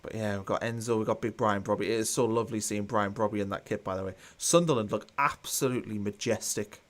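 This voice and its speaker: A man's voice: lowish voice, fairly even intonation, fast talker. A man hosting a live football watchalong, chatting casually and reading out viewer comments with a dry, mildly sarcastic tone. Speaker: watchalong host.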